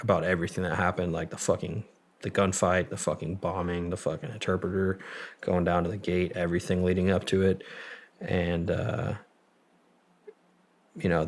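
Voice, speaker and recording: A man with a very low, gravelly voice recounts his story as an interview guest. He rambles casually and swears freely as he talks.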